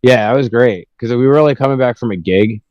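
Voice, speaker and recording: A man's voice: mid-range voice, fairly quick, no echo, dull audio. A man hosting a podcast, telling rambling, profane stories about his pranks in a casual chat. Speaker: podcast host.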